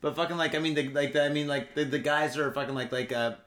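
A man's voice: a little high, fairly even intonation, quick pace, fairly bright tone. A man co-hosting a podcast in casual chat, rambling with constant swearing and filler words. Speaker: podcast co-host.

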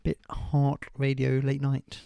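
A man's voice: medium pitch, monotone, slow, gravelly, mellow, slight background noise. A man co-hosting a podcast with cheeky, teasing banter. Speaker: podcast co-host. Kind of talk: casual chat.

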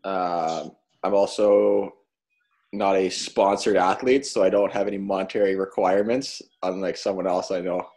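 Deep-voiced man, measured and calm. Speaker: podcast co-host, former goalie. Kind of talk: casual podcast chat.

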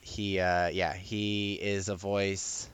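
A man co-hosting a podcast in casual chat, animated, laughing and often restarting his sentences. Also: sits low, slow pace, clean tone, no echo. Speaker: podcast co-host.

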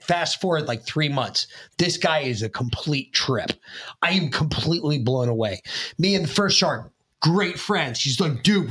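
A man co-hosting a podcast, telling a rowdy story in casual, profane chat and shouting at the punchlines. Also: on the high side, slightly rough. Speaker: podcast co-host.

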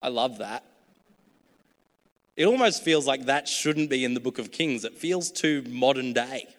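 A man's voice: medium pitch, normal speed, a bit bright, long reverb tail. A man preaching a sermon in a casual, joking, chatty way.

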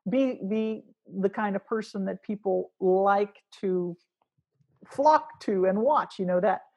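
A woman's voice: mid-range voice, takes it slowly, darkish tone, husky, dull audio. A woman musician talking casually in an interview, rambling with restarts as she thinks aloud. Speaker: musician guest.

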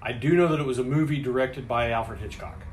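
A man's voice: mid-range voice, fast, a little hiss or hum. A man co-hosting a casual podcast, reading out trivia questions and answer options, with frequent restarts and laughter. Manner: hesitant, many restarts, laughs often. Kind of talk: casual chat.

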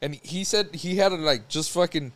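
A man's voice: on the high side, normal speed, a bit bright. A man co-hosting a casual podcast chat, telling stories full of swearing and laughter. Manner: profane storytelling, laughs often. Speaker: podcast co-host.

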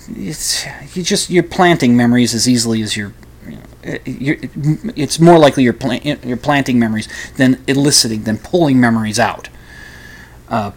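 A man casually reviewing a film, rambling and skeptical, trailing off often. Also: medium pitch. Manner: rambling, skeptical, many fillers and restarts.

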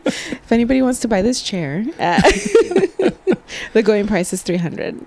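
Playful woman with an animated voice. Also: a little high, unhurried, gravelly. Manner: playful, laughs a lot, mixes in Spanish phrases. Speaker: podcast co-host. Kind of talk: casual chat.

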